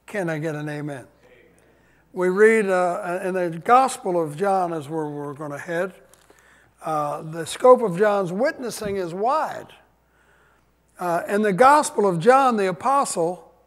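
A pastor, an older man, preaching a sermon with emphatic delivery and call-and-response with his congregation. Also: high-pitched. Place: church sanctuary. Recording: long church hall reverb.

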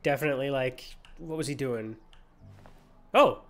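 A man's voice: mid-range voice, normal speed, faint music behind. A man streaming a game, rambling and joking through casual commentary with many fillers.

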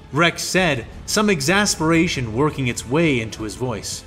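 A man narrating a fan fiction story in a steady, descriptive reading. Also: medium pitch, moderate pace, soft background music.

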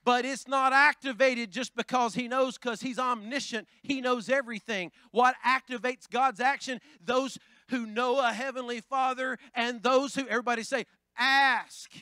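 A man pastor preaching a Pentecostal sermon, building from plain talk into shouting. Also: extremely high pitch, steady tone, moderate pace, hardly any pauses, clear, resonant tone, no room sound. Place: church sanctuary.

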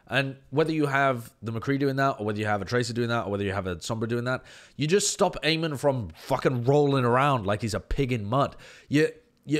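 A man doing live-stream match analysis, blunt and profane, ranting at length and answering viewer chat. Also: medium pitch.

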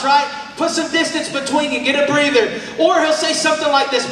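A man with a high, bright voice preaches with energy, shouting out and calling on the crowd to answer back. He sounds distant from the mic, his words ringing through a big echoing hall with a faint hum of the room behind him. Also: fairly quick, few pauses. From Oklahoma, USA. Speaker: youth camp preacher. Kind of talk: sermon. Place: large church hall. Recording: echoey hall from far off.

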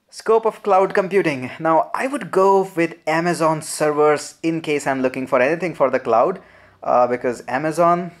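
A young programming channel host with an Indian English accent and a fairly high voice runs a live Q&A, reading and answering viewer comments. He's relaxed and chatty, laughs often, and fills his speech with frequent "uh"s.

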